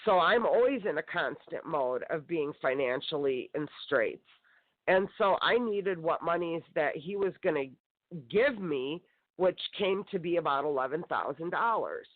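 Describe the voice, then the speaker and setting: Her voice is deep, with no room sound, but the phone connection gives it a tinny quality. She is a guest on a call-in show, recounting her personal story with intensity and a sense of grievance.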